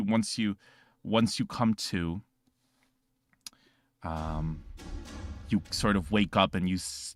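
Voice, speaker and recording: A man narrating a tabletop game as game master, rambling and halting with many restarts. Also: fairly low pitch, a bit bright.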